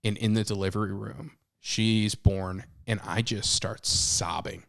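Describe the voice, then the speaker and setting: A man in his thirties co-hosting a podcast, talking candidly and with animation, swinging between loud and hushed. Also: fairly low pitch, fairly even intonation, unhurried, vocal fry. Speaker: podcast co-host. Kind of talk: casual chat.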